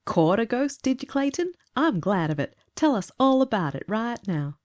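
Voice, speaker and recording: A woman puts on an excitable young man, high and loud with eagerness. He blurts his questions in a raised, bright voice, part of a storybook reading. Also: unhurried, no room sound. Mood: excited. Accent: mock American.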